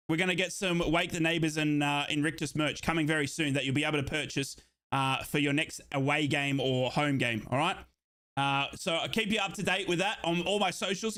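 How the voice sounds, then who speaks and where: An Australian man hosting a live football watchalong stream, chatty and excitable, reading out chat messages and sometimes shouting hype. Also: high voice.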